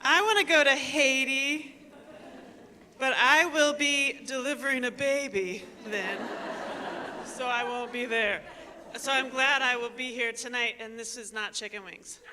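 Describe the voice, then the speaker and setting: A woman giving a personal storytelling talk on stage, animated and self-mocking, speaking straight to the audience through a microphone. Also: high-pitched, a little slow, crowd noise. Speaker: invited speaker. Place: large performing arts hall. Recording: long reverb of a large hall.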